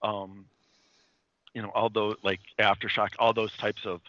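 A man's voice: on the low side, little pitch movement, unhurried, bright, forceful tone, dry recording, highs cut off. A man retelling a comic's plot in a casual chat, rambling with many fillers and restarts. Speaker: comics podcast co-host.

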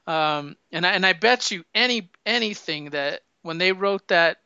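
A man chatting casually about a film, telling the story in an animated way and acting out the lines. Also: high-pitched, normal speed, clean tone, no echo. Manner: animated storyteller, acts out quotes. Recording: dull lo-fi sound.

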